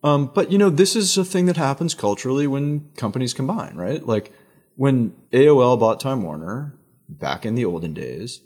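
A middle-aged man, a media executive guest, talking in an animated storytelling way with emphatic asides in a conversational interview. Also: mid-range voice, moderate pace, slightly rough.

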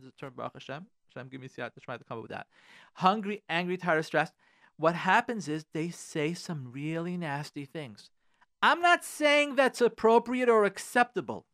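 A man's voice: high-pitched, a bit bright, dry recording, clean studio sound. A man, a rabbi, giving earnest, direct marriage advice on a radio talk show and repeating phrases for emphasis.

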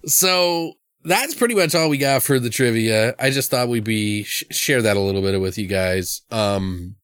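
A man's voice: medium pitch, lively intonation, moderate pace, fairly bright tone, clean tone, no echo, studio quality. A man co-hosting a casual movie chat, rambling and swearing, often laughing. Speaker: podcast co-host.

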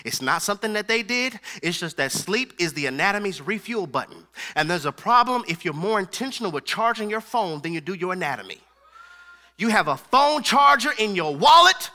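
A man preaching a sermon as pastor in a casual, slangy style, swinging from loud shouts to a hushed, low near-whisper. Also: expressive, normal speed.

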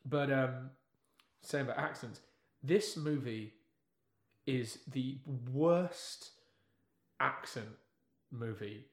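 A man chatting casually as a podcast guest, animated and wry, building his points with emphasis. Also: medium pitch, extremely slow, long pauses. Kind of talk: casual chat. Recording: echoey room.

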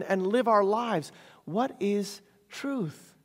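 A man's voice: sits high, slow. A man preaching a sermon as a pastor. He asks the congregation rhetorical questions, often adds "right?", and repeats key phrases for emphasis. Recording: long hall reverb.

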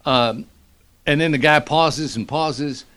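A middle-aged man, a radio morning show host, telling a story in a lively, animated way. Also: a little high, takes it slowly. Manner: animated storyteller, acts out quotes. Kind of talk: casual storytelling.

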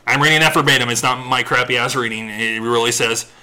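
Man, podcast host, bright voice, casual crude banter, frequent laughter. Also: mid-range voice, fairly even intonation, fast talker, a little hiss or hum. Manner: laughs often, crude teasing.

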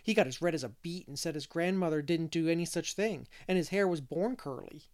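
A man's voice: a little high, a little fast, lightly acted. A man voicing a chatty, mischievous little boy who rambles and keeps asking questions. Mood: chattering.

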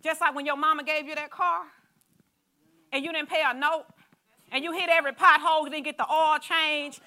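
A woman preaching a sermon in a conversational, animated way, talking straight to the congregation with asides and stories. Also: high-pitched, normal speed.

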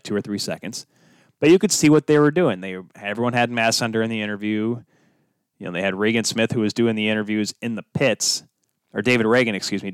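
A man's voice: lowish voice, smooth, no echo, studio quality. A man hosting his own sports podcast alone, talking casually and drifting off on tangents with self-deprecating asides. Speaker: podcast host. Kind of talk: solo podcast monologue.

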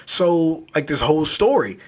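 A man casually recapping a children's horror story, loose and animated, with lots of filler words. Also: on the high side, measured pace, breathy edge. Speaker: book reviewer.

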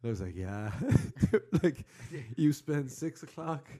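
A man's voice: mid-range voice, a little slow. A young Irish man in casual chat, telling stories with lots of laughter and casual swearing. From Ireland. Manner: animated storytelling, laughs a lot, swears casually.

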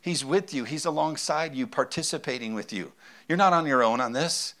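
A man's voice: on the high side, normal speed, pushed and bright. A man preaching a sermon as pastor, talking in a conversational, emphatic way and repeating his key phrases.

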